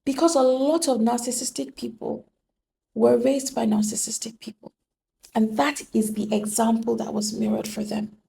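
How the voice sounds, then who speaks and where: Earnest woman with a gravelly voice. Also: on the high side, steady tone, normal speed, warm tone, a little hiss or hum. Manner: earnest and emphatic, with rhetorical questions. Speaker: relationship speaker. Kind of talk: motivational monologue.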